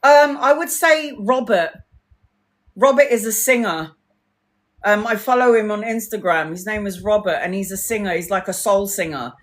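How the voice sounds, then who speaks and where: A woman tarot reader chatting casually on a live stream, an animated storyteller who swears freely and acts out what others said. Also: medium pitch, moderate pace.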